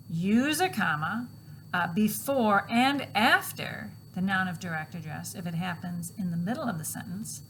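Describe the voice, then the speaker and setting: A woman teacher walking students through a grammar worksheet, patiently explaining and reading examples aloud slowly. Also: medium pitch, a bit bright, slight background noise, low-quality recording.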